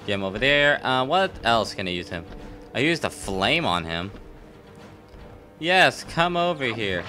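A man giving let's play commentary, slow and drawn out, his voice leaping up and down as he jokes at the screen. His tone is bright and forceful, and he is sick with a cough. Soft game music plays behind him. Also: mid-range voice, sing-song. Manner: playful, joking, exclaiming at the game. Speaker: video game player.

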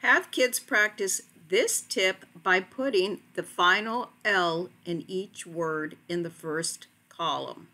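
A woman narrating a phonics lesson for teachers, speaking slowly and carefully as she walks through each word. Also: lowish voice, sharp tone. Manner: slow, careful, deliberate word-by-word delivery.

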